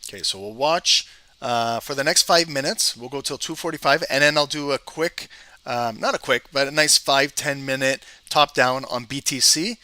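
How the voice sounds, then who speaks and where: Male host, live market commentary, thinks aloud, crisp forward tone. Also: medium pitch, moderate pace, pushed and bright, no room sound. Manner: thinks aloud while reading charts, lists price levels. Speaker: trading channel host.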